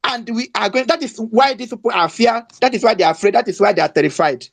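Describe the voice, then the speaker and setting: Gravelly voice with a rallying cadence. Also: medium pitch, quick pace. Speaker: speaker in a live audio space. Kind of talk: rousing political speech.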